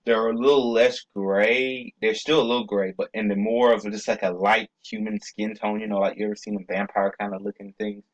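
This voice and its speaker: A man's voice: fairly low pitch, flat delivery, brisk, few pauses, lo-fi sound. A young man chatting casually to his viewers, loose and rambling, with many fillers, stammered restarts and cussing. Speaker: video creator. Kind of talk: casual rambling vlog talk.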